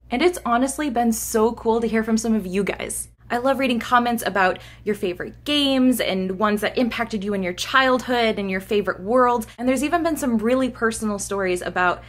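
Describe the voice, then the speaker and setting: A woman's voice: medium pitch, fairly bright tone. A young woman giving a chatty, enthusiastic update on her gaming channel, recorded close on her smartphone at home. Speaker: gaming YouTuber. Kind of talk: informal channel update vlog. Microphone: smartphone camera mic held close. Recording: smartphone mic, faint background noise.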